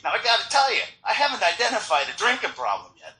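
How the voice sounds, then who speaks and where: A man giving a personal recovery talk at a meeting, telling his story in an animated way with frequent restarts, recorded in an echoey meeting hall. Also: sits high, fast. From Florida.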